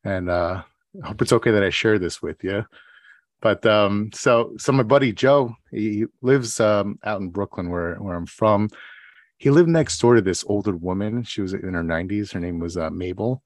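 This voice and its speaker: A man speaks with a fairly low voice into a close, dry podcast mic. He tells stories and answers mock exam questions in a loose, casual way, full of fillers and restarts. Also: normal speed, no echo. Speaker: podcast co-host.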